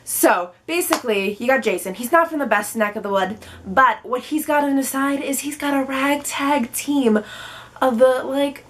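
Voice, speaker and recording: A young woman in her twenties talks to the camera in a high, bright voice. She is bubbly and playful, and now and then she slips into silly voices. It feels like a casual chat filmed at home. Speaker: book vlogger.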